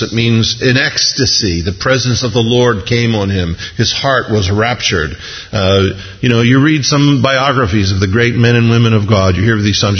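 Folksy male preacher on muffled radio. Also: mid-range voice. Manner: folksy, humorous, acts out scenes with voices. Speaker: pastor. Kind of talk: sermon. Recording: muffled radio broadcast with long reverb.

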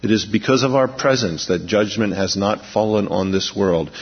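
A pastor with a lowish, slightly rough voice preaches at a moderate pace to a large congregation, speaking emphatically and dramatizing the scripture he reads. The recording is dull and echoey, capturing a big church auditorium.

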